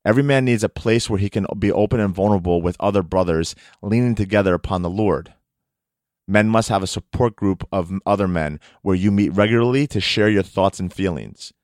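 A man preaching a sermon to men, earnest and exhorting, slowing down for emphatic phrases. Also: lowish voice, no echo, clean studio sound.

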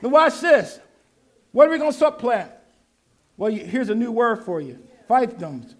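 A pastor preaching, leading the congregation in call and response and shouting out his refrains. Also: extremely high pitch, very animated, moderate pace. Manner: exhorting, shouting refrains, laughing asides.

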